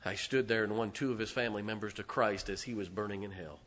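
A middle-aged man, a pastor, preaching a fervent sermon. He swings from booming declarations to hushed, intimate asides. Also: steady tone, quick pace. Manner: impassioned, emphatic preaching with repeated phrases.

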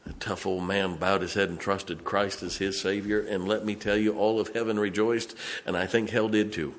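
Male pastor, very low voice, folksy sermon stories, faint room hiss. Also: flat delivery, normal speed. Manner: folksy, swings from loud to hushed. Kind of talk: storytelling sermon. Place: church sanctuary.

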